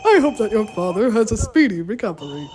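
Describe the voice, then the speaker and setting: A woman voicing a kindly elderly male judge in a fan dub, speaking slowly and fatherly, with music behind. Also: mid-range voice, big pitch swings, a little mellow, slight background noise, natural voice. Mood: gentle.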